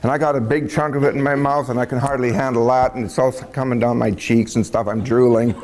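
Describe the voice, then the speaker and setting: A man's voice: medium pitch, fairly even intonation, quick pace, a little mellow. A man telling a personal story in a folksy, casual way, chuckling and acting out the dialogue as he goes.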